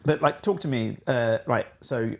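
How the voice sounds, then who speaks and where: A man's voice: mid-range voice, moderate pace, creaky, a little hiss or hum. A middle-aged man hosting a podcast, talking casually with many restarts and acted-out quotes. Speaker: podcast host. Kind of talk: casual interview chat.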